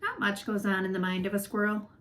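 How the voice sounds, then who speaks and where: A woman reads a children's novel aloud with expressive, lively storytelling. Her voice sits at a middle pitch, with a faint hum of background noise. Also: quick pace, low-quality recording. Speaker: reader. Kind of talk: audiobook narration for children.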